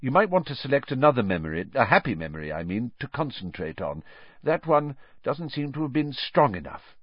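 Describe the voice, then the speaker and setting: A man doing a quiet, gentle grown teacher. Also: mid-range voice, very animated, no echo, dull audio, voice pushed up. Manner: quiet, measured.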